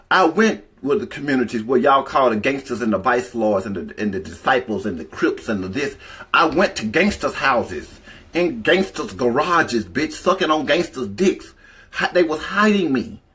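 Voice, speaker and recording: This livestream storyteller has a mid-range, sharp-toned voice. He rambles through candid tales laced with swearing, stopping now and then to greet chat viewers on the casual stream.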